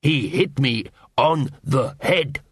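A man's voice: medium pitch, takes it slowly, husky, dry recording, clean studio sound. A man voicing a blunt, grumpy male dwarf watchman.

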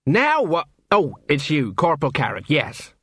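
A man's voice: fairly high pitch, huge pitch swings, a little slow, fairly bright tone, slightly rough, no room sound, studio quality, full character voice. A man voicing a flustered, pompous middle-aged watch sergeant who talks in a hesitant sing-song. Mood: uncertain.

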